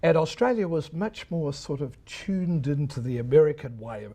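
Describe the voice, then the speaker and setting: A man's voice: a little high, moderate pace, warm tone. An older man, a veteran radio broadcaster lecturing students, telling anecdotes and mimicking old announcers. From New Zealand. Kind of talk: reminiscing lecture.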